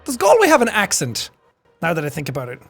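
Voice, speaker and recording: Animated Irish man ranting on stream. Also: a little high, creaky, soft background music. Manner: profane, ranting, quick to laugh. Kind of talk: casual live-stream chat.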